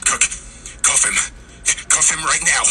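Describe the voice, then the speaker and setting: A man's voice: fairly high pitch, a little fast, heavy background noise, pitched above the performer's own voice, lightly acted. A man voicing a furious police detective who screams his lines at a suspect. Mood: enraged. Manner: screaming, enraged.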